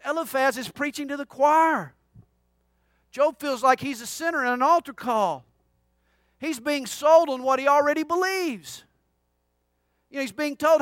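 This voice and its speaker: A middle-aged man delivers a sermon in a notably high voice. The sound is dry and close, with no room around it. He swings between loud declaration and hushed, intimate asides. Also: no room sound. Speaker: pastor.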